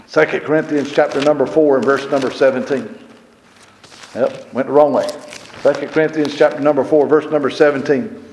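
A man preaches a sermon in a church sanctuary, his higher-pitched voice ringing through a roomy hall with a long echo. He lifts and pushes his voice on scripture, repeating references and restarting phrases as he goes. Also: a little mellow.

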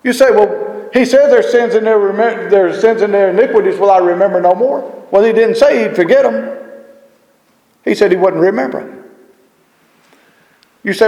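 A man's voice: sits high, expressive, normal speed, pauses often, darkish tone, roomy sound, long reverb tail, dull audio. A man preaching a sermon, emphatic, firing rhetorical questions and repeating his phrases.

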